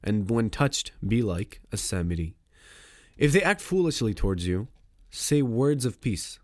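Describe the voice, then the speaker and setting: A man hosting a podcast, explaining a poem in a casual lesson. He talks conversationally, asks himself rhetorical questions, restarts often, and recites verse in quick bursts. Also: on the low side, big pitch swings, no echo, clean studio sound. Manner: recites Arabic verse rapidly.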